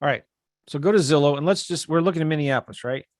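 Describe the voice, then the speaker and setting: A man's voice: on the high side, fast, dry recording, clean studio sound. A man teaching real estate investing on a live webinar, talking casually and energetically while he shares his screen. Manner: casual, energetic, talks straight to viewers.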